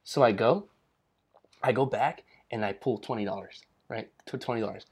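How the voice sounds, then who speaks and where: A man's voice: mid-range voice, normal speed, a little mellow, slightly rough. A young man co-hosting a casual podcast, telling stories loosely and swearing freely. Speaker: podcast co-host.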